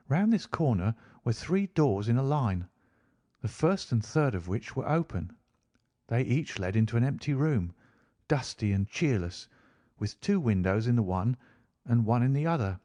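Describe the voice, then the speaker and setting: In studio-quality audio without any echo, a man narrates a classic mystery story from a script. His mid-range voice keeps a steady, measured storytelling rhythm, as befits an audiobook narrator.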